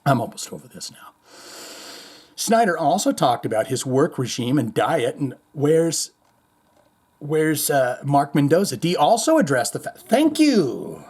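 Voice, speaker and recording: A man hosting a heavy metal news show in a rambling, slangy, offhand way, his voice sitting somewhat high. He strings thoughts together casually and slips into quick impressions of the people he quotes. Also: big pitch swings, a little mellow, breathy edge. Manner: rambling, loose, slangy, mimics others in higher voice. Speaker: podcast host.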